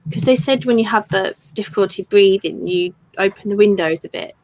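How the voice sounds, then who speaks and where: A woman's voice: mid-range voice, fairly quick, a little mellow, no echo, poor audio. Woman, casual live stream chat, reads comments aloud, chatty.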